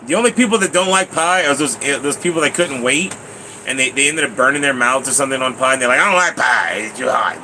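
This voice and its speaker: A man chatting casually on a live stream, rambling and excitable, often laughing. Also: medium pitch, fast talker, background noise.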